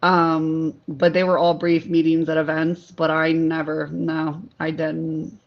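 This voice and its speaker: A woman's voice: low-pitched, slow. Chatty woman guest telling fun stories, laughs a lot, kinda muffled sound. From Delaware, USA. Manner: animated storyteller, laughs often. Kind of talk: casual interview chat.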